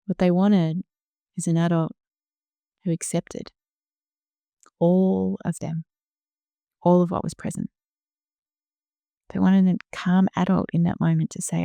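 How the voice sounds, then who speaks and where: A middle-aged woman hosts a reflective solo podcast in a gentle, slow, soothing manner, now and then dropping to a soft hush. Her voice sits low and warm with a gravelly edge. The recording is dry and close. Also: level tone, no echo. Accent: Australian. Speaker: podcast host.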